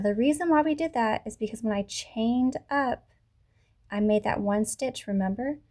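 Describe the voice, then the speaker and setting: Mellow-voiced woman teaching crochet step by step. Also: fairly high pitch. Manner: patient, talks through each step slowly, self-correcting. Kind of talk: tutorial instruction. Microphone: camera mic.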